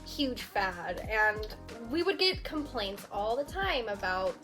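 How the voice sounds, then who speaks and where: A woman's voice: mid-range voice, big pitch swings, slow pace, over music. A young woman hosting a casual chat, talking loosely with fillers and casual swearing. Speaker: host.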